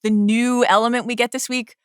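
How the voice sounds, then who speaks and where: A woman co-hosting a podcast in casual chat, playful and quick to laugh, with jokey asides. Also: a little high, flat delivery, clean tone, no room sound, clean studio sound. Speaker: podcast co-host.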